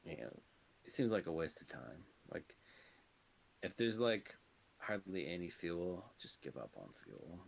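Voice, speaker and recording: A man's voice: low voice, very animated, measured pace, vocal fry. A man co-hosting a podcast, chatting casually about a movie with dry, short remarks. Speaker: podcast co-host. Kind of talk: casual movie review chat.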